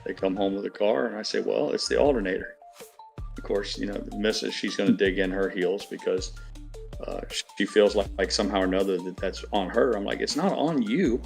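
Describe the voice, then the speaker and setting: A middle-aged man with a fairly low voice rants through a long, aggrieved story, swearing freely in casual chat. Faint music plays behind him. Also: steady tone, a little fast, creaky. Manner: profane, ranting, aggrieved storytelling. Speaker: stream regular.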